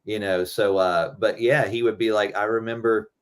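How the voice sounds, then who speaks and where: A man's voice: on the low side, steady tone, normal speed, clean tone. A middle-aged man talking loosely and rambling, swearing freely, as a guest musician in a casual interview.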